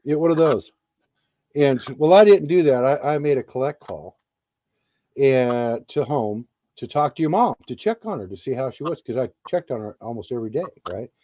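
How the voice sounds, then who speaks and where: A middle-aged man and Army veteran telling a story in a casual interview, animated and swearing freely. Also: mid-range voice, moderate pace, dry recording.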